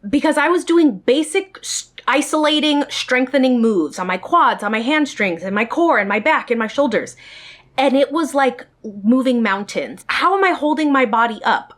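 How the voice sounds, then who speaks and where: Chatty woman vlogger, slightly high voice. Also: lively intonation, moderate pace, a bit bright. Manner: chatty, speaks directly to viewers. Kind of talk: storytime vlog.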